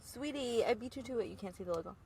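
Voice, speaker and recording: A woman's voice: a little high, fast talker, darkish tone, slight background noise. A woman co-hosting a podcast in casual chat, playful and giggly, often dropping into whispered asides. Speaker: podcast co-host.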